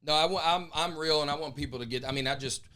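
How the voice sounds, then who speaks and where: Smooth-voiced male comedian guest. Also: a little high, fast, pushed and bright. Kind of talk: casual chat.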